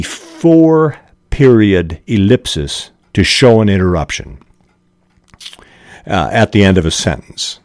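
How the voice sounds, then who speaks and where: A man hosting a podcast on fiction writing, explaining techniques deliberately with frequent fillers. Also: lowish voice, expressive, a little mellow, no echo, studio quality. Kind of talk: explanatory talk and reading aloud.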